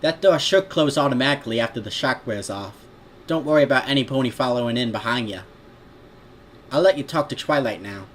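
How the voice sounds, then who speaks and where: A man voicing a radio contact in a storybook reading with a put-on Brooklyn accent, brisk and matter-of-fact. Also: medium pitch, expressive, slight background noise, close to an everyday voice.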